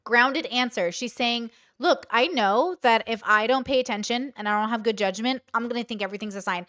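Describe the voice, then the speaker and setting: A woman's voice: a little high, a little fast, hardly any pauses, a bit bright, dry recording, clean studio sound. A woman hosting a reaction commentary, blunt and exasperated, swearing and acting out what others say. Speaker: commentary host. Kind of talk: reaction commentary on stream clips.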